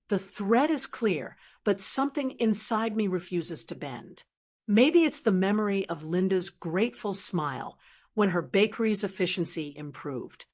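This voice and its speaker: A woman's voice: medium pitch, lively intonation, a little slow, darkish tone. Woman narrating a first-person story.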